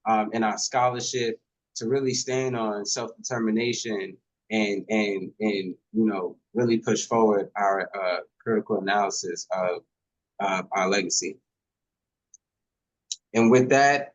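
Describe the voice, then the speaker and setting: A man's voice: fairly low pitch, steady tone, unhurried, lo-fi sound. A man opening a live stream with an earnest, formal introduction, searching for his words as he goes.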